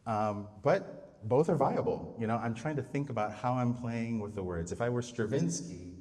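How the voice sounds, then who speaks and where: A man's voice: medium pitch, normal speed, darkish tone. A man composer talking through how he sets words to music, thinking aloud with fillers and restarts. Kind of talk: live talk on setting words to music. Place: public venue. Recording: distant mic in a reverberant space.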